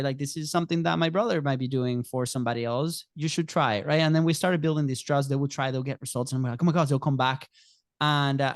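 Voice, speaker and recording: A man's voice: medium pitch, clean tone, no echo, clean studio sound. A man in his thirties, a podcast guest, talking casually and acting out little scenes in quoted voices, often checking in with "right?". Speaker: podcast guest, agency co-founder. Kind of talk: casual storytelling interview.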